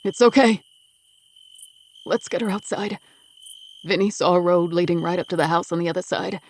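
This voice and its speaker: A woman reading the lines of a young man who stays calm and reassuring in a crisis, with urgency in his words. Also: fairly low pitch, moderate pace, slight background noise, lightly acted. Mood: urgent, reassuring. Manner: urgent, comforting.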